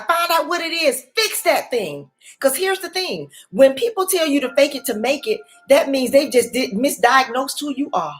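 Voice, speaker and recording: A woman in her forties or older talks as a life coach in a preacherly way, repeating her key words for emphasis. Her voice sits a little high. Soft music plays faintly behind her. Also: lively intonation, normal speed. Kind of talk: motivational faith talk.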